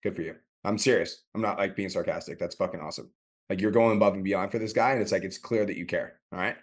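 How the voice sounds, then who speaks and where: Fast, blunt, profane male coach. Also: deep voice, fairly even intonation. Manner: profane, direct, emphatic. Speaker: business coach, host.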